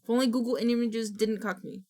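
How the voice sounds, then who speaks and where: A woman's voice: a little high, steady tone, a little fast, darkish tone. A young adult woman streamer in casual live-stream chat, dramatic, breaking into shrieks and groans and restarting her sentences.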